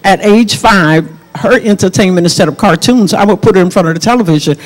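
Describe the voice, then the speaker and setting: Middle-aged woman minister, measured teaching tone. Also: mid-range voice. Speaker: minister and show host. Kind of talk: faith talk show conversation.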